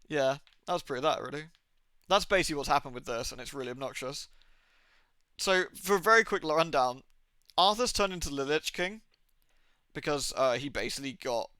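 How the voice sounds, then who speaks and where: A young man streaming a game, chatting casually to his viewers, rambling and joking, swearing freely and slipping into quick silly impressions. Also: fairly high pitch, sharp tone, clean tone, dry recording. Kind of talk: casual live-stream chat.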